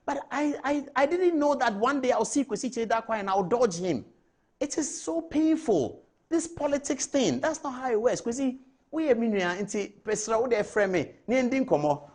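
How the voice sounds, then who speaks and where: A middle-aged man with a Ghanaian English accent delivers a TV talk show monologue, chatty, animated and prone to digressions. His voice is very high-pitched and moves at a normal speed.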